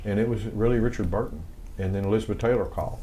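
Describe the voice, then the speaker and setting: A man's voice: lowish voice, quick pace, warm tone, a little hiss or hum. An older man with a Southern accent, telling rambling stories in a casual studio interview, full of fillers and restarts. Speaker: guest, wrestling music composer.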